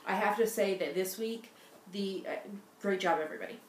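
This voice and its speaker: A woman's voice: medium pitch, fairly quick. A middle-aged woman co-hosting a casual knitting podcast with her daughter, chatting in a rambling way with many fillers and restarts. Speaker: podcast co-host, mother. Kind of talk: casual chat. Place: home in Scotland. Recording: roomy echo, faint noise.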